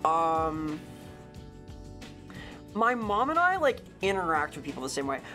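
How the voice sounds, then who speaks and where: Woman streamer, casual gaming chat, lively swooping pitch, talkative, faint music behind. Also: unhurried. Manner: chatty and animated, laughs often, answers chat.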